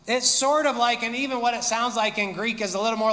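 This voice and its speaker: A man's voice: sits high, brisk, few pauses, bright, forceful tone. A male pastor preaching a sermon, explaining in detail with dry humorous asides, in a large church hall.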